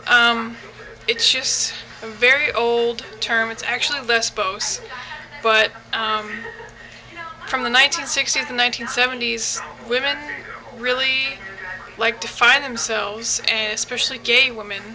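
A woman's voice: a little high, steady tone, a little slow, rough recording. A young woman from the United States giving a casual video response, hesitant, with many ums and restarts. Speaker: vlogger.

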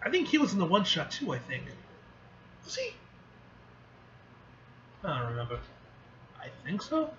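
A man hosting a casual manga reaction video, animated and exclaiming, swearing freely as he reads along. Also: sits high, normal speed, pauses often, highs cut off, a little hiss or hum.

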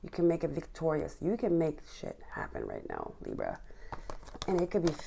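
Excited woman giving a tarot reading. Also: low voice, moderate pace, creaky, slightly rough. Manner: excited and gushing, repeats words, sighs and laughs. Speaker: tarot reader. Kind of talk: casual tarot reading to camera.

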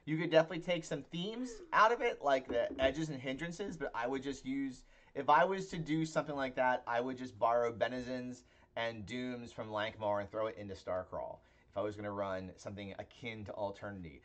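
A man's voice: medium pitch, brisk, a bit bright. A man with a Pittsburgh accent tinged with Philadelphia, co-hosting a casual tabletop-game podcast as game master and talking in a rambling way full of filler sounds. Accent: Pittsburgh with a touch of Philadelphia. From Pennsylvania.

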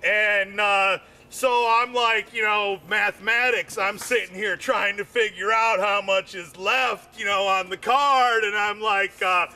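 A man's voice: high-pitched, fairly even intonation, measured pace, hardly any pauses, pushed and bright. A man doing comedy, telling a long rambling story full of fillers and repeated words.

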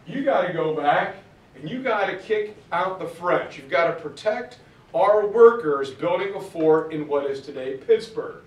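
A man with a fairly high voice lectures on history in a chatty, animated way. He drops into slangy character voices and personal asides. He sounds a little distant from the mic in an echoey room. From western Pennsylvania. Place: room with audience.

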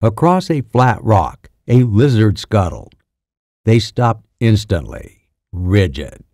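A man reading an audiobook in a measured, deliberate narration. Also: on the low side, very animated, darkish tone, no room sound, studio quality.

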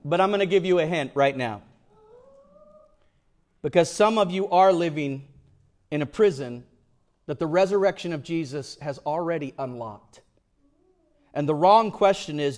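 A man preaching a sermon as pastor, swinging from loud emphatic lines to hushed, almost whispered ones. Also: a little high, lively intonation, moderate pace, pauses often.

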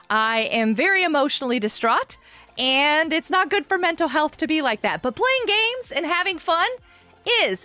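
A woman's voice: high-pitched, pushed and bright. A woman game streamer chatting casually on a live stream and greeting viewers by name. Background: faint background music.

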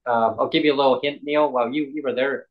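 Man, podcast chat, halting, rambling, many fillers, mid pitch. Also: fairly even intonation, dull audio. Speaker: podcast host and guest. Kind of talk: casual chat.

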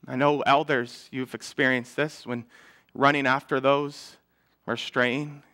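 Bright-toned man preaching a sermon. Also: medium pitch, little pitch movement, unhurried. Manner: earnest preaching, swelling louder then dropping to a hush. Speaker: pastor. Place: church.

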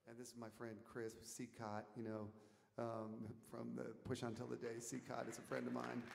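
A man telling a rambling story from the stage of a concert hall, animated and laughing, shouting out the lines he quotes. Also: mid-range voice, moderate pace, vocal fry. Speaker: musician telling stories on stage. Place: concert hall, live audience. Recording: audience tape in a reverberant hall, faint noise.

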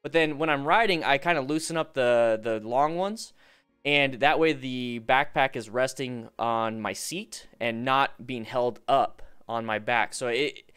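A man with a mid-range, fairly bright, smooth voice hosts a casual live stream, reacting to motorcycle clips, reading viewer questions and offering riding advice. He's chatty and upbeat, hyping the chat for likes.

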